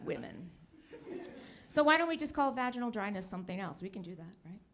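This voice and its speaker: A woman's voice: medium pitch, sing-song, brisk, vocal fry, noisy background. A woman in her fifties doing a stand-up comedy set, teasing the crowd and laughing at her own jokes. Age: 50s.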